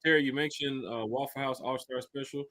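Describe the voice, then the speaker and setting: A man hosting a casual sports podcast, energetic and slangy, often repeating himself. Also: mid-range voice, a little fast, no room sound. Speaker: podcast host.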